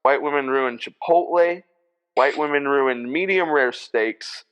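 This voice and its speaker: A man's voice: medium pitch, unhurried, fairly bright tone, clear, resonant tone, rough recording. A young man co-hosting a comedy podcast, riffing emphatically and laughing often. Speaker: podcast co-host. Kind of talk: casual comedic banter.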